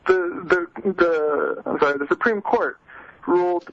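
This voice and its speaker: A man's voice: high voice, measured pace, no room sound. A young man, a graduate student, calling in to a radio show and arguing back sarcastically. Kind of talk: call-in radio argument. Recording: dull lo-fi phone line.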